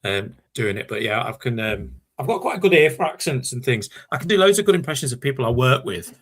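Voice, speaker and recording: A man in casual podcast chat, hesitant and halting with many fillers. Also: medium pitch, very animated, fairly bright tone. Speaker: podcast panelist.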